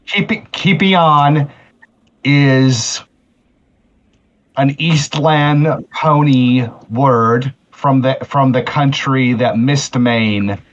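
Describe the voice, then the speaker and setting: A man playing a tabletop role-playing game who talks deliberately, restarting his sentences. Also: mid-range voice, dull audio. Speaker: player. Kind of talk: tabletop role-play, in and out of character.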